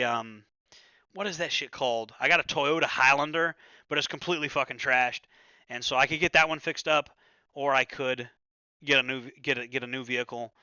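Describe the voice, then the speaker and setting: A man's voice: medium pitch, bright, forceful tone, clean tone, no room sound, lo-fi sound. A man hosting a livestream, chatting casually and loosely, with plenty of swearing and stammered restarts. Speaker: livestream host. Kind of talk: casual rambling livestream chat.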